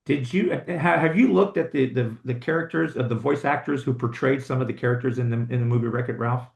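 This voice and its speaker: Gravelly man in an echoey room. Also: mid-range voice. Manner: joking, halting with restarts. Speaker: co-host. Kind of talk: casual movie chat.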